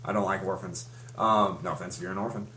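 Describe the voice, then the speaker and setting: A man's voice: deep voice, steady tone, fast talker, bright, forceful tone. Young man rambling through a plot recap. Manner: rambling, with many restarts and fillers. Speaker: fan recapping a comic. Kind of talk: casual chat.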